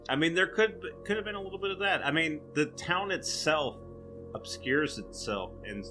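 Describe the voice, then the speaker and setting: A man's voice: on the high side, animated, moderate pace, bright, forceful tone, faint music behind. A man hosting a podcast, casually walking through researched material with a co-host.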